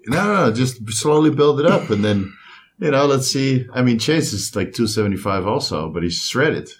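A man hosting as a coach, chiming in with short agreements and quick questions in casual chat. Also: medium pitch, expressive, slight background noise. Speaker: coach and podcast host.

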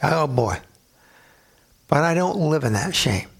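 A man's voice: a little high, expressive, slow pace, creaky, husky. A man preaching a sermon as a pastor, emphatic, asking the listeners rhetorical questions and answering them.

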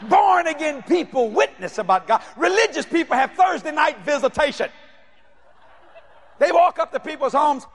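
Male preacher, high-pitched and expressive, for a playful, shouting sermon. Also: moderate pace. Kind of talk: sermon with storytelling.

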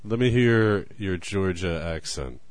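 A man's voice: low-pitched, lively intonation, takes it slowly. A man hosting a casual podcast, teasing his co-host in a dry way and laughing often.

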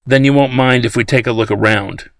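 A man doing a gruff, robotic agent captain. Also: medium pitch, a little fast, no room sound, studio quality, lightly acted. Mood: stern. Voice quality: gruff monotone. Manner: cold, robotic. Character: stern male government agent captain.

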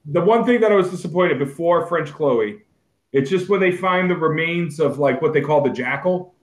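A man co-hosting a casual movie podcast, relaxed, swearing casually and filling his talk with "like". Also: on the high side, normal speed, reverberant, low-quality recording. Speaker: podcast co-host. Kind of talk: casual movie review chat.

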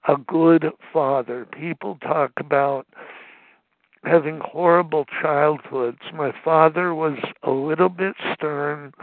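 A man in his seventies telling his recovery story at a phone meeting, halting, with many fillers and restarts. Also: fairly high pitch, vocal fry, no room sound. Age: 70s. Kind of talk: personal testimony at a phone meeting. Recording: tinny phone line, dry.

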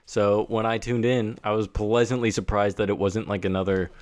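A man co-hosts a casual movie podcast in a fairly low voice. He speaks in a laid-back, hesitant way and trails off mid-thought. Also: level tone, moderate pace, darkish tone. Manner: laid-back, hesitant, reads box office numbers. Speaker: podcast co-host.

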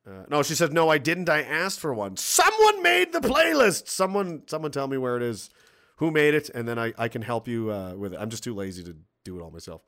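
Here a brisk, mid-range male voice runs a relaxed livestream, voicing viewer messages as he goes. The tone is animated and profane, punctuated by frequent laughter.

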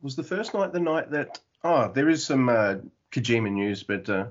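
A man's voice: mid-range voice, expressive, normal speed, highs cut off. A man co-hosting a podcast in rambling casual chat. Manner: rambling, with restarts and swearing. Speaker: podcast co-host.

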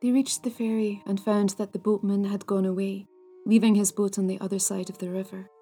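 A woman narrating old ghost stories in a hushed, measured way, at times near a whisper. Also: mid-range voice, flat delivery, slightly rough, faint music behind. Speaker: storyteller, podcast host.

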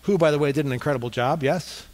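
A man's voice: a little high, fast talker, darkish tone. A middle-aged male pastor preaching a conversational sermon, getting the congregation to respond.

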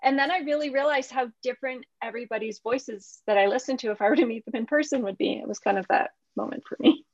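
A woman's voice: on the high side, fast, few pauses, dull audio. A woman hosting a podcast, chatting casually and laughing often with her guest. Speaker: podcast host.

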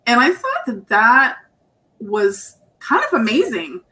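A woman's voice: a little high, huge pitch swings, slow, background noise. A woman co-hosting a podcast, chatting casually and asking long, rambling questions over a video call. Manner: warm, laughing, rambling questions. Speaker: podcast co-host. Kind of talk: casual chat.

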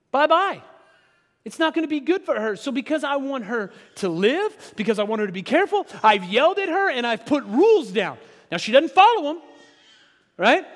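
A middle-aged man preaches in a conversational way, with a voice pitched higher than most men's. He drops to a near hush, then builds loud, and jokes aside with the congregation. His words ring out with a long echo through a large sanctuary. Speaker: pastor. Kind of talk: sermon. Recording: long hall reverb.

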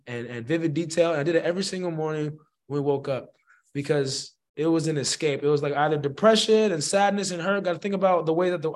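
A man, a musician guest, telling a story in a slangy, rambling and animated way. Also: fairly high pitch. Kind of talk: casual storytelling.

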